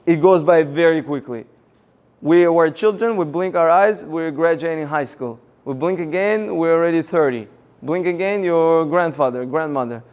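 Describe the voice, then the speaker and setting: A man giving a motivational seminar talk, energetic and rallying the audience with questions. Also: a little high, moderate pace. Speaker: seminar speaker.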